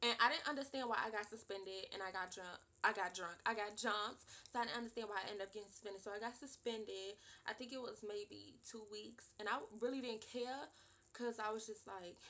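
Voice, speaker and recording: A woman in her twenties telling a casual storytime vlog, animated and emphatic, with lots of repeated fillers. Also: mid-range voice, brisk. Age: 20s. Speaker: vlogger.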